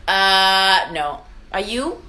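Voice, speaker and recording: A young woman hosting a casual live stream from home, chatting warmly with viewers, answering their comments and laughing often. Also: mid-range voice, lively intonation, drawn-out words.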